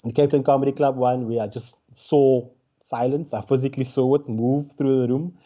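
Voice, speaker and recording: A man recounting a stand-up gig as a guest, full of fillers and restarts. His voice sits in a middle pitch and comes through a dull, lo-fi remote connection. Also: moderate pace. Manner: animated storyteller with frequent fillers and restarts. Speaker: guest comedian. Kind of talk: casual interview storytelling. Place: remote call during lockdown.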